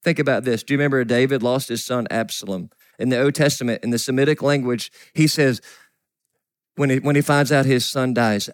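A middle-aged man preaching as a pastor, with an earnest, pleading manner. His voice sits at an ordinary pitch and sounds close and dry, with no room around it. He often sinks into hushed, almost whispered phrases. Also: a little fast, no echo. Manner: earnest, drops to soft whispers for quoted grief. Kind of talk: sermon.

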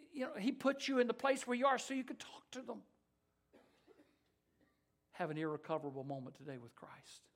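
An older man with a South Carolina accent, preaching a sermon and telling a story, swinging between loud emphasis and soft, hushed passages. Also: on the high side. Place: church sanctuary.

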